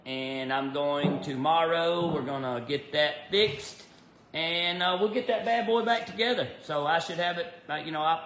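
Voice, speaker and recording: A man's voice: fairly high pitch, fairly bright tone, a little hiss or hum. A man chatting casually on a livestream from his garage workshop, rambling with lots of fillers and greeting viewers by name. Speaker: race car builder livestreaming from his shop. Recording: roomy echoey shop.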